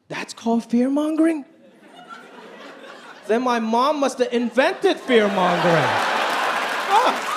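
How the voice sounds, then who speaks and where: A man performing a stand-up comedy routine on stage, animated and putting on voices for the people in his stories. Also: sits high, a little hiss or hum. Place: stage before a laughing audience. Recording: live show with crowd laughter.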